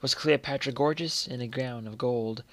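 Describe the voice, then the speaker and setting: A man reciting poetry in a measured way, letting the ends of lines fall quiet. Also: mid-range voice, no room sound. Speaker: poetry reader.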